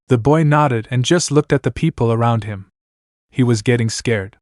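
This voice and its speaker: A man reading fan fiction aloud as a narrator in a plain, steady way. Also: medium pitch, normal speed, no room sound, clean studio sound. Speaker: story reader.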